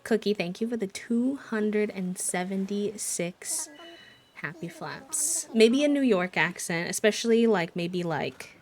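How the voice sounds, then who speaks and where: A young woman with a Midwestern American accent, chatting casually as a streamer while playing and reading chat. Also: on the low side. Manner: chatty, thinking aloud.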